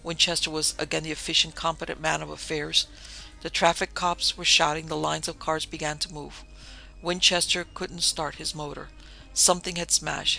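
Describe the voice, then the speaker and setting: A man narrating an audiobook in a steady, evenly paced storytelling manner. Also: on the high side, vocal fry.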